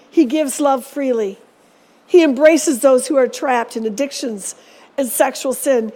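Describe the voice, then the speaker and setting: A woman's voice: high-pitched, a little mellow. A woman preacher giving a sermon in a church, speaking earnestly and urging her listeners on. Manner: earnest, exhorting.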